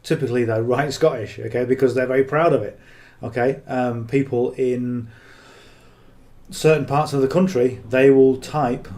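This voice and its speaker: A man talks through marketing advice off the cuff, blunt and earnest. His voice is mellow and rather dark, at an ordinary pitch. He keeps tagging his points with "okay?". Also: steady tone, moderate pace. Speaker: affiliate marketing coach. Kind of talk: casual unscripted coaching talk.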